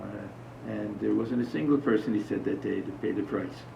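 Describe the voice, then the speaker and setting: At a moderate pace, a man with a gravelly, fairly low voice speaks over background noise. In a relaxed spiritual talk to a small audience, he shares stories and asks them questions. The recording sounds far away, muffled and roomy.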